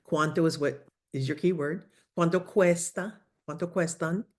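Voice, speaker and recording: A woman teaching a lively online language lesson, coaching students through phrases over a video call. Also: fairly low pitch, normal speed. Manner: lively, coaching, switches between English and Spanish phrases. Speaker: Spanish teacher.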